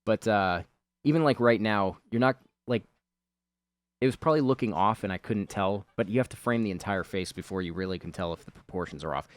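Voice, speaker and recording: A man's voice: on the low side, a little fast, no echo. Rambling man over his drawing video. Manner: rambling, chatty, many fillers. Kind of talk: casual voice-over commentary.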